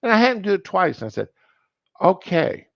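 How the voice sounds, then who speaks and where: A man's voice: high-pitched, big pitch swings, racing, vocal fry, a bit bright, no room sound. A man in his fifties telling a rambling personal anecdote, correcting himself as he goes on a casual talk show. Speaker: podcast host. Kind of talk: casual storytelling monologue. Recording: dull lo-fi sound.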